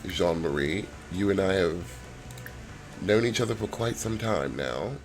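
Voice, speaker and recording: A man voicing a courtly man who proposes marriage in a life-sim game, reading the lines softly and low in his own voice. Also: a little slow, faint music behind. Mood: tender.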